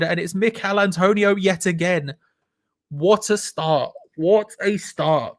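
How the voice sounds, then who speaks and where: A young man hosting a live football watch-along, reacting excitedly to the match and chatting with viewers. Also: high-pitched, slow. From England. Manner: excitable, shouts and laughs at goals, chats to viewers. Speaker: fan channel host.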